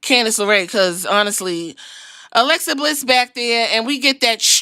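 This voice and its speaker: A woman's voice: on the high side, unhurried, bright, forceful tone, dry recording, studio quality. A woman hosting a podcast, recapping wrestling in a sassy, profane storytelling way and acting out what the wrestlers said. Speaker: podcast host.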